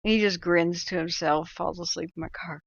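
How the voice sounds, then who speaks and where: A woman's voice: fairly low pitch, steady tone, brisk, gravelly, husky. A woman hosting a livestream from home, telling a rambling personal anecdote with chatty asides. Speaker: livestream host. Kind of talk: casual storytelling chat. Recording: dry, slightly dull sound.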